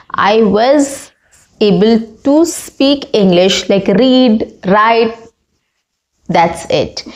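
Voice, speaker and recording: A woman's voice: medium pitch, a little mellow. A young woman teaching spoken English in an earnest tone, telling a personal story and often checking in with "right?".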